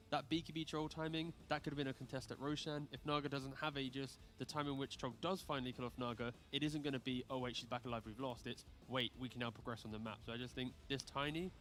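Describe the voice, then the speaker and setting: A man's voice: medium pitch, fairly bright tone. A man giving analytical commentary on an esports match, breaking down plays in detail. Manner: rapid, detailed breakdowns with light laughs.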